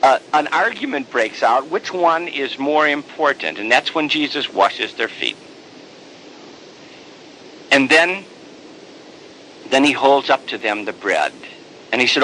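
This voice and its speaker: A priest telling a sermon story with animated, dramatic delivery. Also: male voice, medium pitch, measured pace, pauses often, a little hiss or hum, rough recording.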